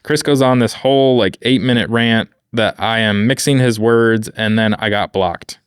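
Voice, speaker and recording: Low smooth dude reading a story out on a podcast, dry close mic, swears a lot. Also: male voice, moderate pace, dry recording. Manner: laid-back, profane, wry asides. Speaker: podcast co-host reading stories. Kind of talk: casual chat and reading aloud.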